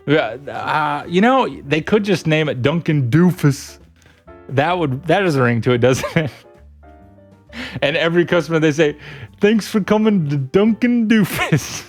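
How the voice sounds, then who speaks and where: A man's voice: fairly high pitch, moderate pace, faint music behind. A young adult man streaming, chatting casually with viewers, giggling a lot. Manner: giggly, laughs a lot, animated. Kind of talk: casual chat reading viewer messages.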